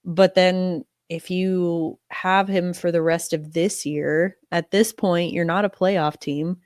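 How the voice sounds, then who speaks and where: A woman's voice: on the low side, steady tone, slow, darkish tone, dry recording, clean studio sound. A young woman hosting a casual sports podcast, sounding nasal from a cold and talking in a chatty way, with many fillers and restarts. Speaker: podcast host.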